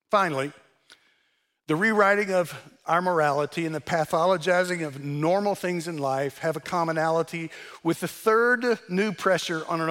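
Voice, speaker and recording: A man's voice: high-pitched, fairly bright tone. Earnest older man preaching bluntly. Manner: earnest and blunt, with dry sarcasm. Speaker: speaker delivering a message. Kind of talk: sermon-style address.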